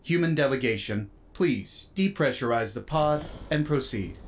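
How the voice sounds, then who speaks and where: A man voicing an emotionless station AI that makes flat, official announcements, in an audio story. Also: mid-range voice, a little slow, slight background noise, natural voice.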